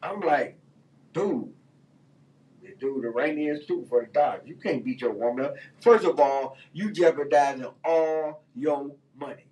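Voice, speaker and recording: Guy hosting a talk radio show, kinda high voice, heated slangy ranting, sounds a bit off mic. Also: a little slow, mellow, recorded from a distance, rough recording. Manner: loose, heated, slangy rants with many fillers. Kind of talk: casual opinion talk.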